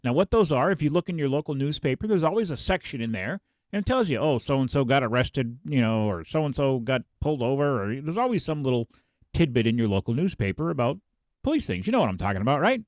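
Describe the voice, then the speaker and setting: A male podcast host reading out police blotter headlines in a casual, animated way, laughing as he goes. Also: medium pitch, quick pace, no room sound, studio quality.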